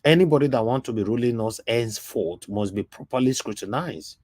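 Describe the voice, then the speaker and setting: A man's voice: mid-range voice, expressive, brisk, darkish tone, dry recording. A man hosting a live stream, lecturing his viewers and greeting them as his people. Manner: preachy, addresses viewers as "my people". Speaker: livestream host.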